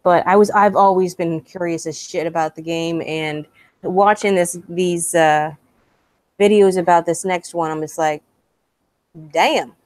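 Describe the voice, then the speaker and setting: A woman's voice: lowish voice, fairly even intonation, a little slow, a little mellow, no echo. Chatty, sweary woman on a dry mic. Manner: chatty, sweary, laughs easily. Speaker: podcast co-host. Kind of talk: casual chat.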